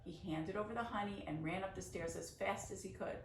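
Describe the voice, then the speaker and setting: A woman's voice: medium pitch, brisk. Woman teacher reading a storybook aloud. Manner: chatty asides to kids, explains Yiddish words. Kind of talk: picture-book reading for children. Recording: roomy, distant mic, faint noise.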